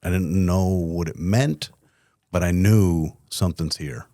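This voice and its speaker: A middle-aged man with a low, deep voice tells his story as a podcast guest, lively and candid, blunt enough to swear. The sound is close and dry with no room around it. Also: unhurried, no room sound. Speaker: company CEO guest.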